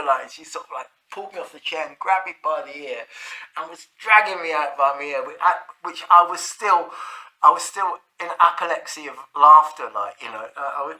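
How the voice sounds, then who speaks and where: A man's voice: on the high side, sharp tone, rough recording. A man telling a casual anecdote, rambling with fillers and chuckling.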